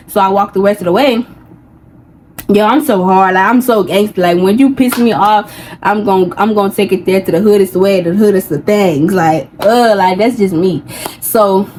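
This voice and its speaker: A young woman vents through a personal story, heated and loose, with slang and side tangents. Her voice sits in a middle pitch, and a faint hiss runs underneath. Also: darkish tone, poor audio. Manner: heated, venting, heavy slang, rambling asides. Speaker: vlogger. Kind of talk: casual storytime rant.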